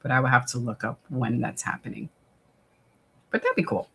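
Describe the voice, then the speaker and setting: A chatty livestream host from the New York area who talks in loose, rambling runs, full of "um" and restarts. The voice sits at an ordinary middle pitch, and the delivery stays casual and unhurried, like someone reading out viewer comments on a desktop streaming mic at home. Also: sing-song, pushed and bright, a little hiss or hum. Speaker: livestream watch-party host.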